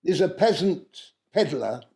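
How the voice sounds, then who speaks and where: A man telling a traditional tale aloud in an unhurried way, pausing often and stopping now and then to correct himself. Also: a little high, very animated, creaky, mellow. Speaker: storyteller. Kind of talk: oral storytelling of a traditional tale.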